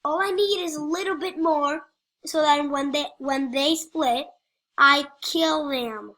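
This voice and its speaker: A woman's voice: high-pitched, slow pace, fairly bright tone. A woman giving playful, rambling gameplay commentary, joking and talking to the other players.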